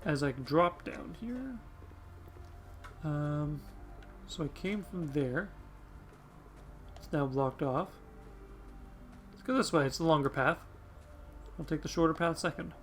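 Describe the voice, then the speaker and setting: A man's voice: on the high side, animated, slow pace, pauses often. A man hosting a let's play, reading game text aloud and chatting wryly to himself, swearing now and then. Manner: wry, swears casually, mutters to himself. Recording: with faint game music behind.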